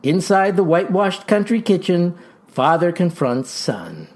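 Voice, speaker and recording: An actor playing a folksy farmer pitching a tonic in a comic ad, with verbose, showman's patter. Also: big pitch swings, measured pace, a little mellow, full character voice. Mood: boastful pitch. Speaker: pitchman in a mock radio ad. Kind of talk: comic radio ad acting.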